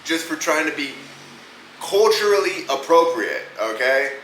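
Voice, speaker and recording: A man's voice: fairly high pitch, big pitch swings, measured pace, a bit bright, slight background noise. Profane, rambling podcast host guy. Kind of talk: casual fight-pick commentary. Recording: echoey room with faint ambience.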